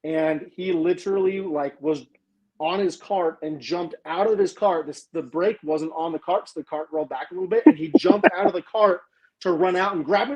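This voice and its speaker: Guy telling his golf story all excited, says like a lot, kinda high voice. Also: moderate pace, crowd noise, poor audio. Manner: excited rambling with many "like"s and fillers. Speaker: guest golfer. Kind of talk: casual chat, storytelling. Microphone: remote stream mic.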